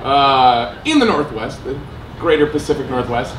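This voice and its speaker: A man performing spoken word poetry on stage and telling stories between pieces, emphatic and self-mocking, quick to laugh. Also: medium pitch, sing-song, a bit bright, recorded from a distance, a little hiss or hum. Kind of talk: live slam poetry and stage storytelling. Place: theater stage with audience. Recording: roomy live venue sound.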